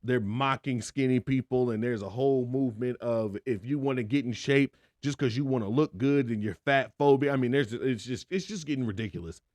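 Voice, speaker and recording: A man's voice: medium pitch, moderate pace, few pauses, darkish tone, no room sound, studio quality. A man hosting a podcast, giving an opinionated solo monologue in an emphatic, conversational way, full of rhetorical questions. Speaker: podcast host.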